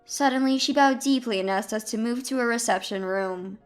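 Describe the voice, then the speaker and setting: A woman narrating a first-person drama story in an even, composed storytelling manner. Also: on the high side, brisk, faint music behind.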